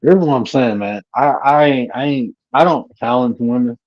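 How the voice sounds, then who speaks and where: A man talking bluntly and profanely from home on a live-stream panel, telling animated stories with laughter. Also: medium pitch, normal speed, no echo, highs cut off.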